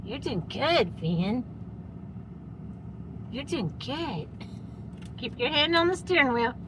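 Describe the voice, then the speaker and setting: A woman with a high, sing-song voice speaks slowly while vlogging casually from inside a vehicle, cooing baby talk at her dogs. Loud vehicle noise fills the background.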